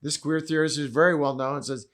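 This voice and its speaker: An older man, a podcast guest, telling stories in animated conversation, acting out quotes with sudden loud bursts and dropping low for asides. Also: a little fast. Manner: acts out quotes with big swings in pitch and loudness; drops low and quiet for asides. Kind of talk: animated storytelling chat.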